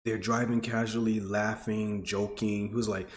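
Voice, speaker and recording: A man's voice: flat delivery, normal speed, echoey room, slight background noise. A man in his twenties, telling a personal story to his audience in an earnest, emotional way. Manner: earnest, emotional, rising pitch when stirred. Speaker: vlogger.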